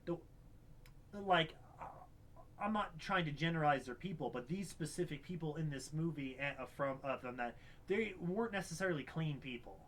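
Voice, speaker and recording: A young man with a somewhat high voice co-hosts a casual film review podcast. He rambles, restarts his sentences and bursts into animated exclamations. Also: normal speed, a little hiss or hum. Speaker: podcast co-host.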